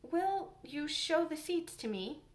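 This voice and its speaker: A woman reading aloud and voicing a shy, earnest little girl who speaks slowly and hesitantly. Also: high voice, animated, voice pushed up. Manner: slow, hesitant, eager.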